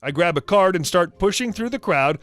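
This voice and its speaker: A man narrating reddit stories aloud, with lively storytelling and acted quotes. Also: sits high, moderate pace, soft background music.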